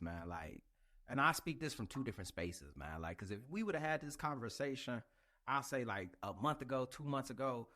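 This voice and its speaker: Male podcast host, bright tone, swings his pitch a lot, loose profane banter. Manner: animated, profane, acts out recruiting calls. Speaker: podcast host, Marine recruiter. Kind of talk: casual chat.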